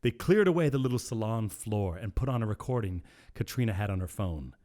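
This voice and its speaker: Expressive man reading a story aloud. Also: lowish voice, brisk. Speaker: podcast co-host. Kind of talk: reading fan fiction aloud.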